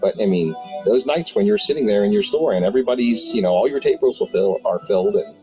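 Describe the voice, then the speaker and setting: A man's voice: lowish voice, big pitch swings, quick pace, a little mellow, soft background music, rough recording. A man in his fifties who owns a tabletop game shop, telling rambling anecdotes with many restarts in an interview. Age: 50s. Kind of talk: storytelling interview.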